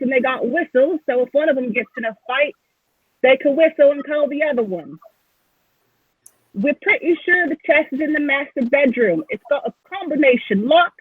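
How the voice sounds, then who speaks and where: A woman's voice: high-pitched, no echo, pitched above the performer's own voice. Woman playing a chatty little halfling girl thief, slangy, dry tinny line. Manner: chatty, loose slangy talk. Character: plucky halfling girl thief planning a heist.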